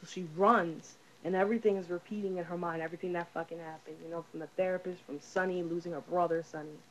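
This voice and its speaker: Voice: mid-range voice, fairly even intonation, fast talker, a bit bright, lo-fi sound, a little hiss or hum. A casual movie reviewer talking through a film's plot in a rambling, profane way, full of fillers.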